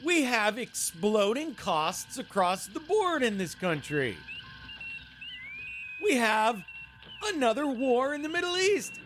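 A man's voice: very high voice, fairly bright tone. A man hosting a radio show, ranting sarcastically and heatedly, swearing freely. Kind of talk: casual ranting monologue. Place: San Francisco.

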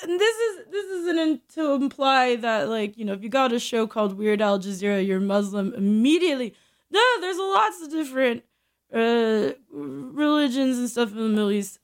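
A woman's voice: high voice, fairly bright tone. A woman hosting a show, delivering a rambling, self-mocking comic monologue and often laughing through her lines. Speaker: show host. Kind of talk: comedic monologue.

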